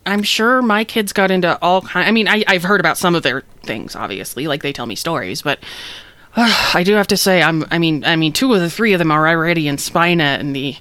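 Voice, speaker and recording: A player in a tabletop role-play voices an easygoing alien mother who considers herself more of an aunt, hesitant and apologetic and leaning on fillers. The voice is mid-pitched, dry and sharp, clear and resonant, delivered briskly and animatedly, on a dry recording.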